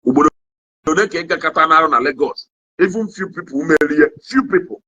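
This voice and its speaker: A young Nigerian man with an Igbo accent talks to his livestream viewers in an animated, sermon-like rant, his slightly high voice husky at the edges. He switches languages mid-sentence and keeps asking the audience whether they understand. The recording sounds dull and lo-fi. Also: quick pace. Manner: code-switching, repeats "you understand?"; animated, swings in pitch. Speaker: online commentator. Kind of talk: casual monologue to a livestream audience.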